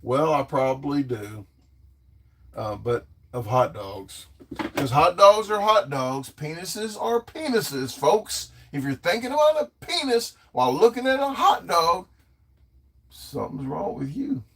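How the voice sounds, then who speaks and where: A man's voice: fairly high pitch, animated, unhurried, fairly bright tone, slightly rough, no echo, low-quality recording. A man hosting a casual livestream, rambling and joking as he reads viewer comments aloud and answers them. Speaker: livestream host reading chat.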